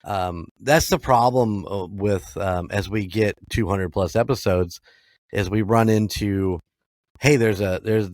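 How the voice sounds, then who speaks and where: A man's voice: low voice, no room sound. Profane laid-back male podcast host. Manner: profane, laughing, rambling storyteller. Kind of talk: casual chat.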